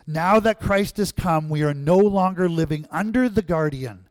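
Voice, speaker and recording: A man preaching a sermon as pastor, calling out questions to the congregation and swinging between loud, emphatic lines and quiet asides. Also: fairly high pitch, normal speed, no echo. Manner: call-and-response, asking the congregation questions.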